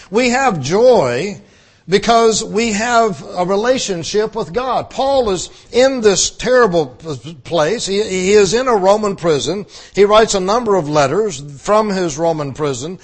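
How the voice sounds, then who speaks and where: A man's voice: high voice, animated, measured pace. A male pastor preaching a conversational sermon, repeating phrases for emphasis.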